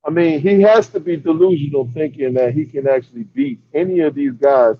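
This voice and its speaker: A man's voice: a little high, brisk, a little hiss or hum. A man giving emphatic, dismissive boxing critique as a podcast co-host. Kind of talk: casual boxing chat. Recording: dull dry lo-fi audio.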